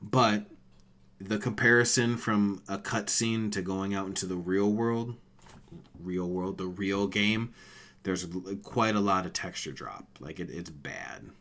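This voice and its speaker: A man's voice: low-pitched, unhurried, a bit bright. A man in his thirties co-hosting a casual gaming podcast, emotional and swearing often. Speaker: podcast co-host.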